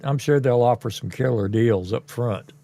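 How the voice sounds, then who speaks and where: A man's voice: mid-range voice, normal speed, gravelly, mellow, no echo. A man hosting a casual podcast, speaking in a plain, blunt way. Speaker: podcast host.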